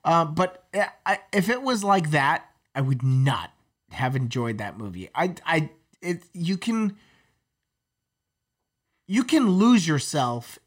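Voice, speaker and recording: A man's voice: a little high, sing-song, takes it slowly. Rambling, swearing man in casual chat. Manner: rambling, profane, lots of fillers. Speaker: podcast co-host.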